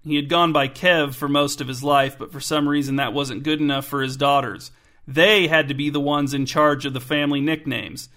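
A man narrating a comic story in a deadpan, scripted way. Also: medium pitch.

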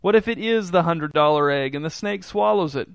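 A man doing a high, panicky young boy. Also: fairly quick, creaky, clean tone, no room sound, clean studio sound. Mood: panicked. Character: anxious rule-following young boy.

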